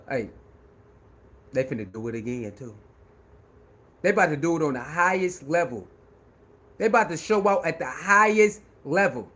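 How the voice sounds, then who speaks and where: A man giving an animated sports rant, loud and laughing, with heavy slang and repetition. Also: fairly high pitch, moderate pace, long pauses. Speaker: sports commentator.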